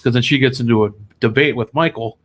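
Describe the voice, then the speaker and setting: A man's voice: medium pitch, quick pace. A man hosting a casual studio chat, joking and laughing often. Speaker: podcast host.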